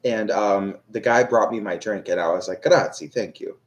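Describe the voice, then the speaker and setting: A man's voice: on the low side, normal speed. A young man chatting casually with viewers on a live stream, rambling and self-deprecating, full of fillers and restarts. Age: young adult. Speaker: tarot reader on a live stream.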